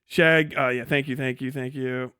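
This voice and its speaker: A young man hosts a casual livestream, ranting mockingly, laughing often and swearing, before reading out donations. His voice is mid-range, steady and smooth with a sharp edge and a moderate pace, captured as clean studio sound with no room noise.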